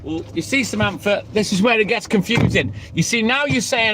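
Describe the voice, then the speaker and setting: A man's voice: sits high, animated, moderate pace, background noise. A man hosting a live stream and chatting with viewers in sweary, joking banter, recorded on a phone inside a vehicle. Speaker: livestream host. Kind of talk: casual live-stream chat.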